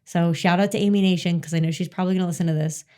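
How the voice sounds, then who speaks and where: A woman's voice: fairly low pitch, fairly even intonation, racing, mellow. A woman co-hosting a podcast, chatting casually and telling stories, swearing freely. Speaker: podcast co-host. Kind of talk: casual chat.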